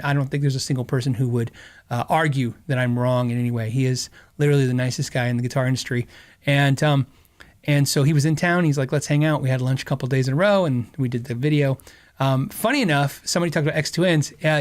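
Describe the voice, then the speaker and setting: A middle-aged man hosting a podcast, telling a story in a casual, rambling way, laughing often and acting out quotes. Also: on the high side. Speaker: podcast host.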